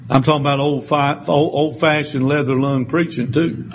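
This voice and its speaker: Man preaching, high voice, folksy storyteller, slightly muffled recording with faint hiss. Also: steady tone, moderate pace, creaky. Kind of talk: sermon with storytelling.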